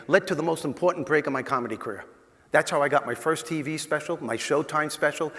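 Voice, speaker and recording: A man giving a humorous motivational talk, telling a story to a live audience in a punchy, animated way. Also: fairly high pitch. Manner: animated, punchy, talks directly to the crowd. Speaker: motivational speaker. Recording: long reverb of a large hall.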